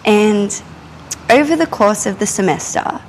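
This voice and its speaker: A young adult woman, telling a candid personal story in a casual, animated way while she works in her art studio. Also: medium pitch, a little slow, slight background noise, poor audio. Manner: animated, candid, often swears and laughs. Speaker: artist and podcast host. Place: art studio, drawing and climbing ladders while talking.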